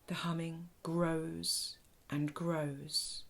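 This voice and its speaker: Soft-spoken woman telling a children's story. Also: sits low, a little slow, creaky, slightly rough. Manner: soft, hushed, often half-whispered delivery. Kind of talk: guided imagination story narration.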